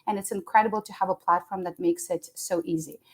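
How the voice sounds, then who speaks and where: A woman's voice: on the low side, fairly even intonation, fast. A woman hosting an interview, talking in an effusive, emotional way and laughing often. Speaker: podcast host. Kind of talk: conversational interview.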